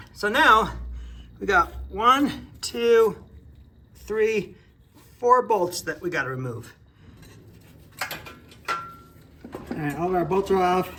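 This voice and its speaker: This is a small engine repair technician talking through a job in his repair shop, easygoing and plain-spoken, thinking out loud as his hands stay busy. The pitch is medium.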